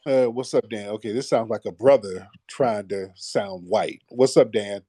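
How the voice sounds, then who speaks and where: Male call-in host, blunt and slangy, a little low-voiced, dry close sound. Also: unhurried, mellow, breathy edge, no echo. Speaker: host of a call-in audio show. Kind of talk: live call-in talk.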